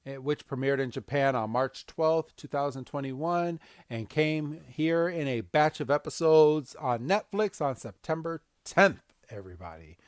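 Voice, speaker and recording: A man's voice: fairly high pitch, measured pace, few pauses, clear, resonant tone, no echo, studio quality. A man hosting a podcast, recapping a cartoon episode casually and acting out scenes. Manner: animated, acts out scenes. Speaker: podcast host.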